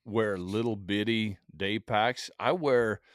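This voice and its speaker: A man with a low voice talks as a guest in a casual podcast chat. His manner is relaxed and measured, with dry humor. The sound is dry and close to the mic. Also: no room sound. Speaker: podcast guest, firearms expert.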